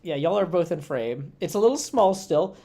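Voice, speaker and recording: A man hosting a live stream in a mellow, warm tone, spinning a meandering story full of ums and asides. He chats casually from his streaming computer at a convention. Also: on the high side, animated, normal speed. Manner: rambling, chatty anecdotes with many fillers. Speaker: livestream host. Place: indoors at a gaming convention. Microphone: streaming setup at a computer.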